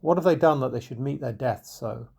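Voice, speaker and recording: Robin Hood, as a man reads him gently. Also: medium pitch, a little fast, creaky, breathy edge. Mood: gentle. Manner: soft, warm coaxing tone. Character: Robin Hood, kindly male outlaw, gentle and coaxing.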